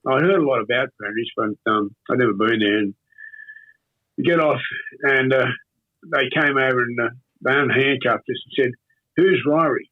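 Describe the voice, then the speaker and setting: An older Australian man with a husky voice tells a long story in a rambling, halting way, circling back with fillers and false starts. His pitch sits in an ordinary middle range. The recording is tinny and narrow, like a phone line. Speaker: interview guest. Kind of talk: casual storytelling.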